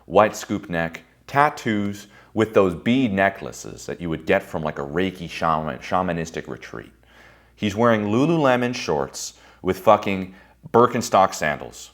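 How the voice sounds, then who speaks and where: A man giving a motivational talk to a group, intense and profane, dropping to a hushed whisper for emphasis. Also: low voice, sing-song, a little slow. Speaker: motivational speaker.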